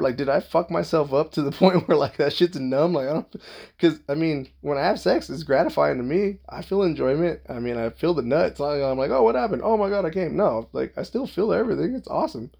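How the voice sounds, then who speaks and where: With vocal fry in a slightly mellow, medium-pitched voice, a young Southern Californian man swears his way through a rambling, casual anecdote. He leans heavily on "like" and plays out the quoted lines himself.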